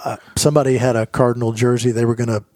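A man's voice: mid-range voice, level tone, racing, darkish tone, dry recording, clean studio sound. A man in his fifties, a golf professional telling his stories as a guest in a casual interview, earnest and rambling, often repeating himself.

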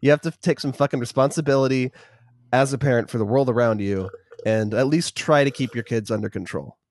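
A young man co-hosting a casual podcast, agreeing in a relaxed, casually profane way. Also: mid-range voice, a little fast. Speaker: podcast co-host.

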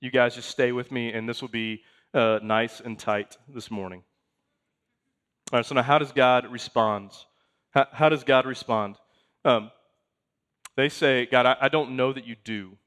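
A man's voice: mid-range voice, steady tone, measured pace, pauses often, fairly bright tone, clear, resonant tone. A man in his thirties, a pastor preaching a sermon in a conversational way, reading scripture aloud and making asides to the congregation.

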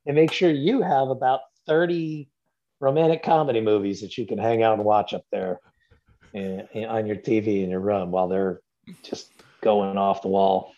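A man appears as an actor on a podcast, chatting casually and rambling with lots of fillers and restarts. His lowish voice is warm but flat, at a normal speed, with lo-fi sound, and his manner is easygoing.

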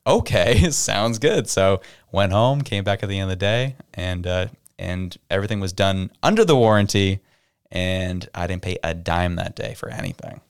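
A man co-hosts a relaxed podcast chat, with a deep voice that is smooth and has a gravelly edge. He tells stories and acts out the people in them. The sound is close and dry. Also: normal speed, dry recording. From Canada. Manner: storytelling, acts out quoted people. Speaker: podcast co-host. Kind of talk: casual chat.

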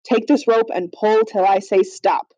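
A woman's voice: medium pitch, steady tone, a little slow, dark tone, no echo, lightly acted. Woman doing a harsh, angry soldier leader. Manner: barking, harsh, commanding. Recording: slightly dull lo-fi audio.

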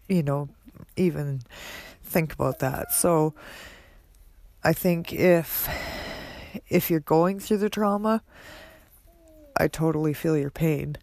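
A woman hosting a podcast, speaking in an earnest, halting personal monologue with many pauses and fillers. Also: sits low, darkish tone. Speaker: podcast host.

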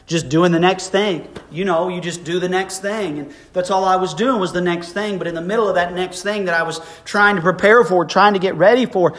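A man's voice: sits high, fairly bright tone. A middle-aged man preaching a sermon as a pastor, telling a story in a conversational way that climbs to emphatic peaks.

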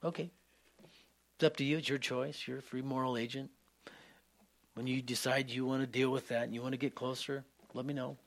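A man preaching voices God speaking calmly and softly to a believer, patient and reassuring. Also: medium pitch, brisk, long pauses, lightly acted.

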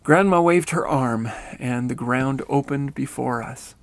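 Gravelly man reading a story. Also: medium pitch, unhurried, dry recording. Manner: steady, earnest reading. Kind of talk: reading a first-person story aloud.

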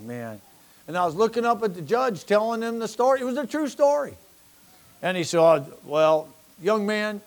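An older man delivers a sermon in a fairly high voice. He wanders into folksy personal stories and acts out the people he quotes, then returns to reading scripture. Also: darkish tone. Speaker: pastor.

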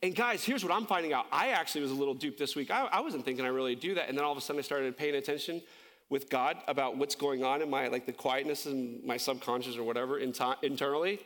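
A pastor preaches with passion in a conversational style, his slightly bright voice climbing high and slowing down on key phrases. He corrects himself in occasional asides.

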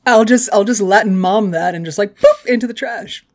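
A woman's voice: mid-range voice, moderate pace, darkish tone. A woman in her thirties co-hosting a podcast in casual chat, joking, laughing and swearing freely. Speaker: podcast co-host.

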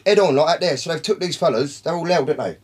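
A man's voice: a little high, fast talker, husky. A man, telling a long, profane story in casual talk, rambling and calling his listeners by name. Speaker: podcast guest.

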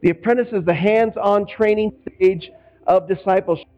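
A man's voice: high-pitched, moderate pace, highs cut off. Man preaching a chatty sermon. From Northwest Indiana. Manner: conversational, acts out quoted voices. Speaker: pastor.

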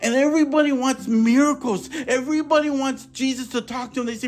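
A man's voice: extremely high pitch, normal speed, few pauses, faint music behind. A man hosting his own podcast, preaching in an impassioned monologue, fervent and repetitive, with emphatic, sometimes tearful stresses. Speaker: podcast host.

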